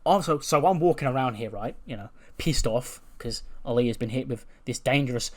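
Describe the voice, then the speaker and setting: A brash, cocky wrestler, put on by a man who barks at everyone and calls them lad. He talks loud and pushy, a little higher than his own voice. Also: moderate pace, close to an everyday voice.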